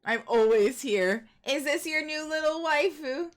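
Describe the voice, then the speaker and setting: A woman's voice: sits high, lively intonation, measured pace, few pauses. Playful teasing woman streamer. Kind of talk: casual gaming stream chat.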